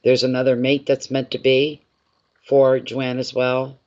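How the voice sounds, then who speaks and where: A man's voice: mid-range voice, monotone, measured pace, a little mellow, highs cut off. Man doing a live tarot reading. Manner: repeats phrases, speaks directly to viewers by name. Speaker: tarot reader.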